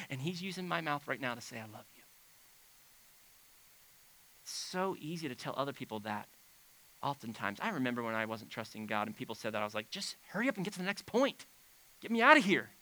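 A man preaching a sermon on a church stage, talking in a loose, conversational way with big swings between quiet and loud. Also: a little high, low-quality recording. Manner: animated, conversational preaching with dramatic swings in volume. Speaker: pastor. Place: church stage under bright lights.

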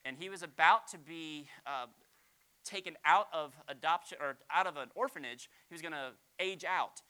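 A male pastor preaching a sermon, animated, swinging from loud exclamations to quiet asides. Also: fairly high pitch, moderate pace, clear, resonant tone.

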